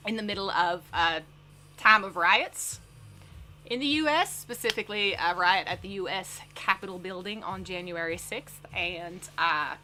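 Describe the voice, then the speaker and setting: An exaggerated Southern US drawl delivering a mock news segment, as a woman plays it up. The voice is bright and forward, with faint music in the background. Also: mid-range voice. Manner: put-on, exaggerated Southern accent.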